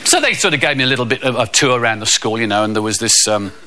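A man doing stand-up, telling deadpan stories and acting out the people in them. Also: mid-range voice, fast talker, very noisy. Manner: deadpan storytelling, acting out characters. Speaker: stand-up comedian. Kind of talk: stand-up comedy routine.

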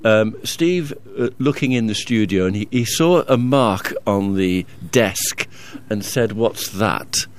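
A man's voice: fairly low pitch, slow, few pauses. A man presenting a casual radio show, chatting with co-hosts and reading out listener messages, often chuckling. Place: radio studio.

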